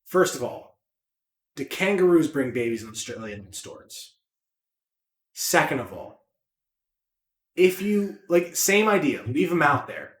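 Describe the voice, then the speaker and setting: A man co-hosting a podcast, chatting casually with animated, profane rambling jokes. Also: on the high side, a little slow, pauses often, roomy sound. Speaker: podcast co-host. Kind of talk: casual chat.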